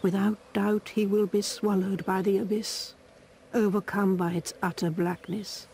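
A woman voicing a gentle, devoted ancient female mushroom guardian in a video game, speaking in solemn archaic phrasing with a breathy half-whisper. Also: medium pitch, little pitch movement, unhurried, slight background noise. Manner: archaic formal speech, soft and solemn.

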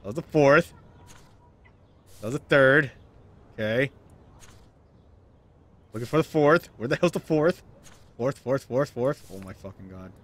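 Gamer host, man, animated up-and-down delivery, grumbling and cursing at a puzzle. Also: mid-range voice, unhurried, long pauses. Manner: frustrated muttering and swearing. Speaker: gaming video host. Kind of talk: let's play commentary.

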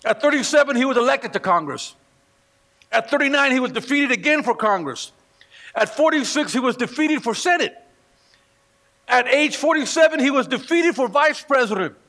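Man, pastor, sermon, storytelling, acts out quoted voices, gravelly, long church reverb. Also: very high voice, expressive, moderate pace, bright, forceful tone. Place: church sanctuary.

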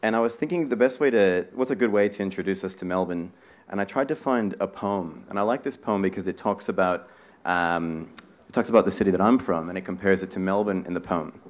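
A man moderating a live panel talk, speaking in a relaxed way with frequent hesitations and fillers. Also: sits low, brisk. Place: live talk event in a bar venue.

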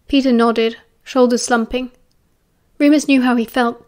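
A woman with a British accent narrating an audiobook in a calm, even storytelling manner. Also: fairly high pitch, unhurried.

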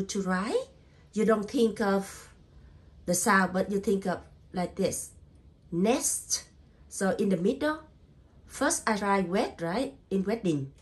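Woman English tutor, slow and patient, drills spelling sound by sound in simple non-native English, medium pitch. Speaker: English teacher. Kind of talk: spelling lesson.

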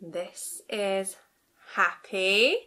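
A young woman hosting a rhyme-time session for small children in a library, speaking in a gentle sing-song way with gasps and hushed asides. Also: medium pitch, drawn-out words. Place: library, indoors.

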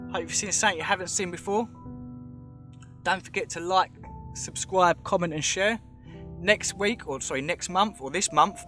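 An English man giving a casual, emphatic vlog commentary, talking straight to his viewers and calling them mate. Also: fairly high pitch. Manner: chatty, emphatic, keeps saying "mate", talks straight to viewers. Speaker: vlogger.

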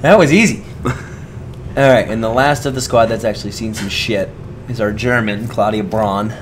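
A man co-hosting a video game playthrough in relaxed, chuckling casual chat. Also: lowish voice, moderate pace, a little hiss or hum. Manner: relaxed, chuckling, talks over gameplay. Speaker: let's play co-host.

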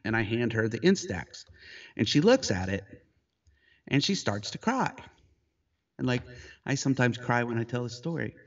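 A middle-aged man, a photographer, telling a story in casual conversation, animated and jumping high in pitch when he quotes himself, heard over a video call. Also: moderate pace, pauses often, far from the mic, highs cut off. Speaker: photographer guest.

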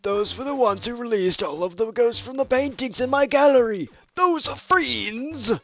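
A high-pitched old inventor, fussy and folksy, his voice swooping up and down as he explains things, as a young man puts him on while reading game dialogue. He talks like an old-timer scolding a youngster. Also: lively intonation, moderate pace, fairly bright tone, exaggerated voice. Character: eccentric old male ghost-hunting scientist. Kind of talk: game dialogue read aloud.

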